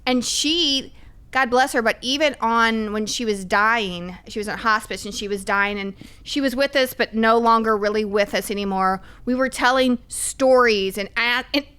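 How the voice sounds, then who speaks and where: Lively woman telling stories, high and smooth. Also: moderate pace. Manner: lively, animated, emphatic storytelling. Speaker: podcast guest. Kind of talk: candid conversational storytelling.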